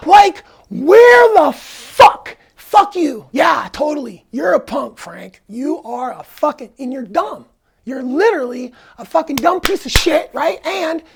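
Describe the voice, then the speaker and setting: A man's voice: very high-pitched, vocal fry, a bit bright. A man telling a personal story in a casual vlog, angry, profane and rambling. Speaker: vlogger.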